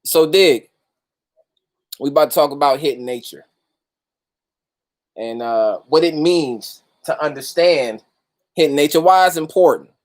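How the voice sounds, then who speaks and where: A man's voice: fairly high pitch, unhurried, long pauses. A man hosting a casual livestream, greeting viewers by name and talking loosely with street slang and plenty of profanity. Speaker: host of a livestream talk.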